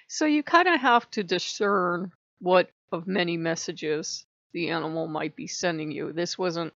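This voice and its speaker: A woman's voice: on the low side, a little slow, few pauses, a bit bright, dry recording. A woman vlogging in a rambling, chatty way, often laughing as she talks. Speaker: spiritual vlogger. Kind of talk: casual chat. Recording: dry, slightly muffled lo-fi.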